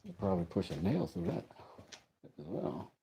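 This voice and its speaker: A man's voice: low voice, sing-song, moderate pace, creaky, warm tone, slight background noise. A man, chatting casually with viewers during a live stream while tinkering in his workshop. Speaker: livestream host. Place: home workshop.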